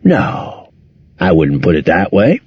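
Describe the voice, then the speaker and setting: A man's voice: deep voice, huge pitch swings, takes it slowly, husky, dull audio, voice pushed down, heavily acted. A man voicing a cynical heavyset man with mild, thoughtful, sardonic banter in an audiobook. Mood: wry.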